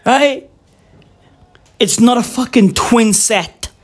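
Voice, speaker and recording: A man's voice: extremely high pitch, slow pace. A young man vlogging a profane, rambling, mock-serious rant at home, peppering it with slang. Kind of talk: casual rant to camera. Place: indoors at home at New Year.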